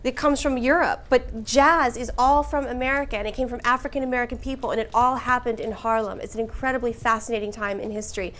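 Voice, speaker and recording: A woman teaching a class, speaking slowly and precisely in her teacher voice. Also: on the high side, steady tone, fairly bright tone.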